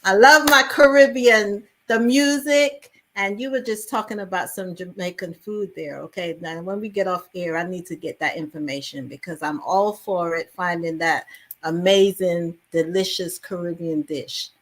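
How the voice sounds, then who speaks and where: A woman, originally from England, telling stories in a lively interview conversation. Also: lowish voice, moderate pace. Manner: animated storytelling with many fillers. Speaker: actress guest.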